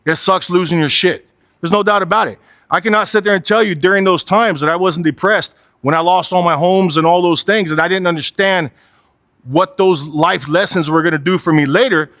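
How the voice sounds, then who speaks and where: A man's voice: high voice, a little fast, fairly bright tone, no echo, studio quality. A man in his forties giving a candid motivational talk, blunt and profane, driving his points home with repetition and a habitual "right?". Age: 40s. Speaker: motivational speaker.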